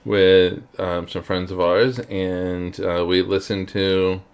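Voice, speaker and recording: A middle-aged man co-hosting a casual podcast, rambling and halting with fillers. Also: sits low, level tone, clear, resonant tone. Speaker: podcast co-host. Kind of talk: casual chat.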